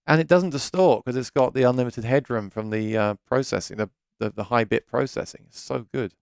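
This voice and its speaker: A chatty British man talks through a live stream from his home studio, restarting sentences as he goes. His voice is smooth and resonant with a gravelly edge. The sound is dry and close, with no room echo. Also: medium pitch, a little fast, a little mellow. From Britain. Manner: chatty, rambling, self-correcting. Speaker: gear channel host.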